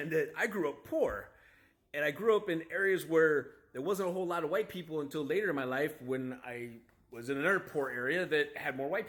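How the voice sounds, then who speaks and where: This US-based father and vlogger has a slightly high, somewhat bright voice. He tells a story casually to camera, rambling and criticizing himself, with lots of restarts and side comments.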